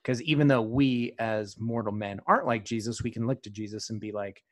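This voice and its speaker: Soft-spoken low man, dry sound. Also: fairly quick, few pauses, no echo. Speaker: podcast co-host. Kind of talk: casual chat.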